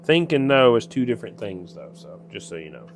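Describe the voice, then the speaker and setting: A man's voice: lowish voice, big pitch swings, fairly quick, creaky, noisy background. A man with a Southern US accent casually talking himself through each step as he works in his workshop. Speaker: workshop maker. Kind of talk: casual narration while working.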